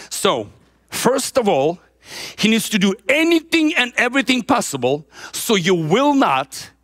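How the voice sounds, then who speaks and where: A man's voice: high-pitched, fairly bright tone. A man preaching an informal sermon, emphatic and given to repeating words for stress.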